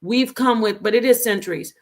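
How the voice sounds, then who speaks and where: A woman's voice: on the high side, a little fast. A woman hosting a casual commentary show, speaking in an earnest, critical and emphatic way. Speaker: host.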